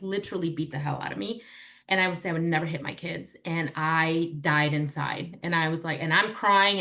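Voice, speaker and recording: Low-voiced woman telling candid stories. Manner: candid, animated storytelling with swearing. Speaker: podcast guest. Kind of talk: casual chat.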